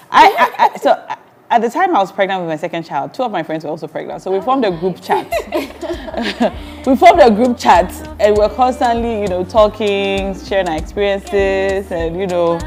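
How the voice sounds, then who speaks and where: A woman's voice: medium pitch, expressive, normal speed, a little mellow, soft background music. A woman who hosts a talk show and is a mother of two, chatting with her guests.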